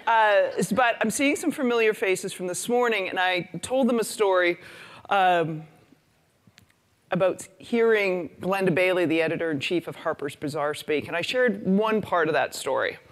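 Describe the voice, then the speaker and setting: A woman's voice: fairly low pitch, normal speed. A woman speaking to a conference audience. She tells her stories with humor and energy, building up to each point. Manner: storytelling, lively and humorous. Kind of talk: conference talk.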